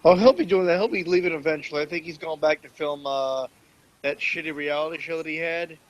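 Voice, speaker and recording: A man's voice: on the high side, fairly quick, rough recording. A man co-hosting, talking sarcastically and swearing in casual chat. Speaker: podcast co-host.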